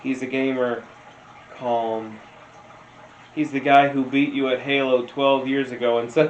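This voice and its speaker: A man's voice: mid-range voice, flat delivery. A man doing casual meme reaction commentary, rambling, telling stories and laughing often. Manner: slow, rambling, laughs a lot. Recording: roomy, dull lo-fi sound with faint noise.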